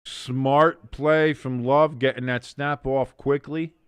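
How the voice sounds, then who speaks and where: A man hosting a live watch-along stream, calling plays casually, reading out chat and cracking jokes with loud excited bursts and swearing. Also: medium pitch, slow pace, clean tone, dry recording. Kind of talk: casual play-by-play commentary.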